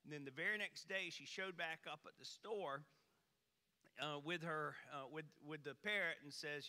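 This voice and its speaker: Speaking at a moderate pace, a pastor shares a humorous story during a sermon from the church stage. His folksy delivery rises high and loud for emphasis, and his very bright, forceful tone carries through the sanctuary with a long reverb.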